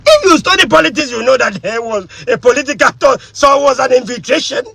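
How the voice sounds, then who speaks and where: Husky, emphatic activist woman. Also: sits high, lively intonation, fast, fairly bright tone, no echo, low-quality recording. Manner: emphatic, rhetorical questions. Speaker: political activist. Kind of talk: impassioned political monologue.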